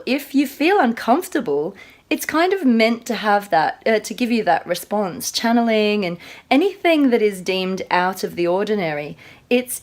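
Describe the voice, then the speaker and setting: A middle-aged woman with an Australian accent, talking earnestly and casually about spiritual channeling, with many fillers and restarts. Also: lowish voice. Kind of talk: casual spoken introduction to a video.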